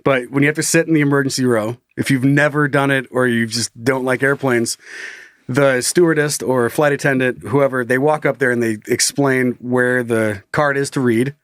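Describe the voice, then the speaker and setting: Man, podcast co-host, animated storytelling, mid voice, dry close mic. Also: medium pitch, normal speed, dry recording. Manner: animated storyteller, acts out other people's lines. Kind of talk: casual comedic storytelling.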